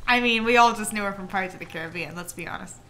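A young woman streaming a cozy game, chatting casually in a giggly, playful, animated way and thanking her viewers. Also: mid-range voice, very fast, a little hiss or hum. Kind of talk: casual gameplay chat. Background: faint game music.

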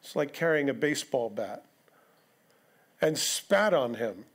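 A man's voice: mid-range voice, sing-song, measured pace, a bit bright, husky. A male pastor preaching an expository sermon, conversational, with rhetorical questions and asides to the congregation. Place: church sanctuary.

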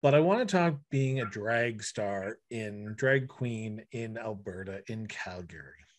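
A man hosting a podcast, asking earnest, halting interview questions. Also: on the low side, animated. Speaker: podcast host.

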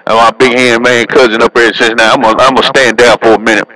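A man's voice: mid-range voice, level tone, fast talker, bright, forceful tone, low-quality recording. A man driving a truck, trading teasing, slangy banter and radio handles over the CB. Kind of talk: CB radio chatter.

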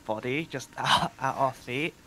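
A man playing a tabletop game, excitable and quick to laugh. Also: medium pitch, slight background noise. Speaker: player. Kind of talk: casual tabletop play.

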